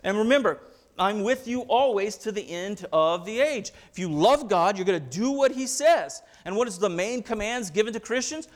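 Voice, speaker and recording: A pastor preaching a sermon with passion, building through rhetorical questions and quoted scripture. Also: male voice, sits high, expressive, moderate pace.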